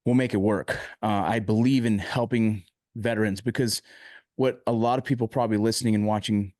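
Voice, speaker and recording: A man's voice: on the low side, fairly even intonation, fairly quick, darkish tone, no echo, studio quality. A man hosting an interview podcast, speaking with emotion and frustration and often stopping and restarting. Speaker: podcast host.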